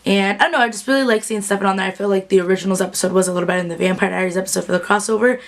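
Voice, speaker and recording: A woman's voice: medium pitch, steady tone, racing. A young woman casually recapping a TV episode, chatty and bubbly with lots of fillers, acting out characters' quotes. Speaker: TV recap vlogger. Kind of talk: casual chat.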